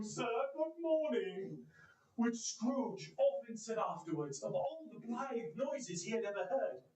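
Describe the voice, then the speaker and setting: A man delivers a theatrical one-man storytelling performance, his voice sitting fairly high and swinging widely as he plays each character. The sound carries the echo of a roomy hall. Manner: animated, voices characters with big pitch swings. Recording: echoey room.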